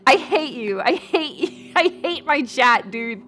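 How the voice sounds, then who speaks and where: A woman's voice: high voice, very animated, moderate pace, hardly any pauses, sharp tone. A woman VTuber streamer chatting casually, reading chat and thanking viewers, rambling, swearing often and laughing a lot. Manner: reads out chat names and thanks.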